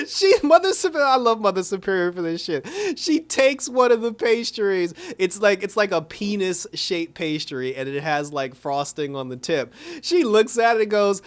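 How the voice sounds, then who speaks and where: A man recapping an episode in a casual video review, chatty and animated, often laughing. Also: sits high, normal speed, clear, resonant tone. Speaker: show reviewer.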